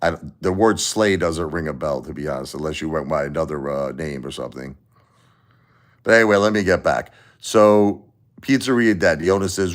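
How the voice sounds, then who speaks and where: A man's voice: a bass voice, normal speed. A middle-aged man with a Brooklyn accent hosting a casual livestream, rambling bluntly through stories and swearing freely. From Brooklyn, New York. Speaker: livestream host and musician.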